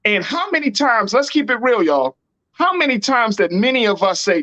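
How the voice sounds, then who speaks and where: A man's voice: very high voice, big pitch swings, moderate pace, sharp tone, no room sound, lo-fi sound. A man hosting a political talk show, speaking in an emphatic, slangy and repetitive way. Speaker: host.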